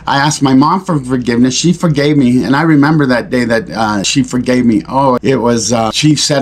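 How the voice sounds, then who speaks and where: A man speaking earnestly and reflectively to camera in a confessional talk, pausing and restarting often. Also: mid-range voice. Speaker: recovery vlogger.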